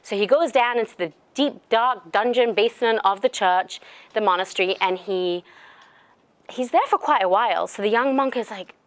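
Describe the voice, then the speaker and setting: A woman with a medium-pitched voice gives a religious lecture at normal speed. She's a lively, conversational storyteller whose anecdotes are full of fillers and restarts.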